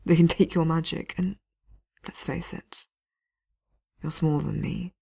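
A woman reading aloud and voicing a big, battered male warrior who speaks in a quiet, rusty, halting voice. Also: low voice, flat delivery, vocal fry, husky, whispered, full character voice. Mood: pained. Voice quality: rusty, pained.

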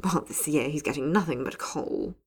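A woman's voice: low-pitched, normal speed, breathy edge. A woman voicing a grumpy young man griping sourly about office gossip. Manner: griping, sour.

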